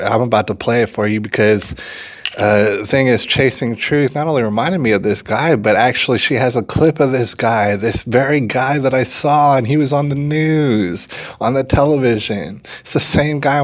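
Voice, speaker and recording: A man from San Antonio, hosting his own opinion vlog and talking emphatically and repetitively straight to his viewers. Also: mid-range voice. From San Antonio, Texas. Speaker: channel host.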